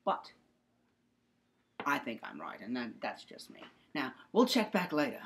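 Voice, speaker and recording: A woman's voice: very deep voice, sing-song, unhurried. A young woman presenting a comedic mock-science skit, rambling and mock-serious with playful asides. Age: young adult.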